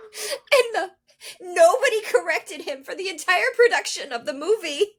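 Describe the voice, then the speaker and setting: A woman co-hosting a podcast, chatting casually. Her pitch swings widely as she tells stories, swears freely and breaks into laughter. The talk is loose and unscripted. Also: unhurried. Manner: animated, swearing, laughing storyteller. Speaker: podcast co-host. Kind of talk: casual chat.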